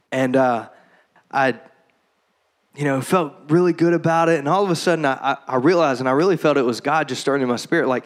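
A young adult man preaching as a pastor in a church, moving from calm talk to loud, impassioned preaching. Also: on the high side. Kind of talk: sermon. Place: church hall.

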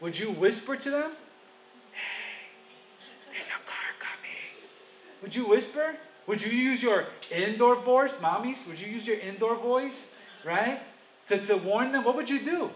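A man's voice: extremely high pitch, expressive, moderate pace, a little hiss or hum. Guy preaching to his church, keeps saying guys and asking the room stuff, kinda muffled and roomy. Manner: addresses listeners as "guys", asks them questions. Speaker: pastor. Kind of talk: conversational sermon.

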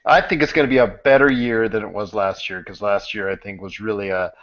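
A man's voice: fairly low pitch, fairly even intonation, a little fast, a bit bright. A man hosting a casual podcast about video games, rambling with many fillers and restarts. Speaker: podcast host. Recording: dull lo-fi podcast audio.

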